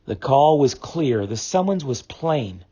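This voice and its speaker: A man reads a classic novel as an audiobook, telling the story in an expressive, dramatic way. His mid-range voice is slow with a breathy edge.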